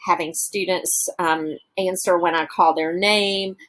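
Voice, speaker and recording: A woman's voice: lowish voice, steady tone, a little slow, fairly bright tone. A woman teacher walking through classroom exercises on her slides, thinking aloud with frequent fillers. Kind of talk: presenting teaching ideas over slides.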